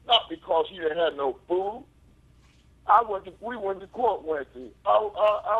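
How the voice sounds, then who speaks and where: A man's voice: high-pitched, breathy edge. An angry, grieving man calling in to a talk show, repeating himself emphatically. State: grieving and upset. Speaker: caller. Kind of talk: call-in radio talk. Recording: tinny phone line.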